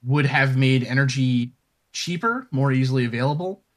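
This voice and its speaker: A man's voice: mid-range voice, normal speed, fairly bright tone. A man hosting a podcast, chatting casually and rambling, then reading an upbeat sign-off. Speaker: podcast host. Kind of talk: casual chat.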